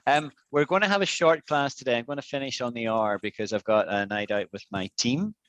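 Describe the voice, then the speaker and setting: A man's voice: medium pitch, brisk, a bit bright, no room sound, low-quality recording. A man teaching an online English lesson, patiently explaining with repeated examples.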